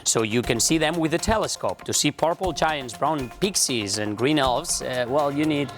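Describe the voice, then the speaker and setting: A woman's voice: very deep voice, moderate pace. A woman co-hosting a quiz, explaining rules and correct answers. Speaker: quiz co-host. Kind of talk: quiz presenting. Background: music.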